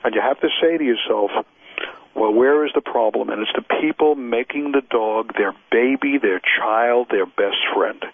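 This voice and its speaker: A man's voice: mid-range voice, moderate pace, few pauses. A man, a dog trainer and expert witness, speaks as a radio interview guest, emphatic and repeating his points. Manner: emphatic, repeats points, acts out owners' excuses. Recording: dry, husky, phone-like radio line.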